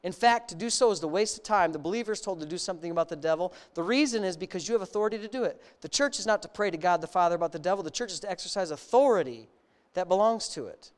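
In a mid-range voice with lively intonation and rapid-fire delivery, a preacher gives a sermon. He reads a story aloud, stopping to comment and question the congregation in an earnest, emphatic way.

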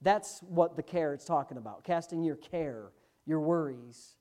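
A pastor delivers a sermon in a somewhat high male voice, emphatic throughout, moving from rapid asides into loud, stretched-out stresses.

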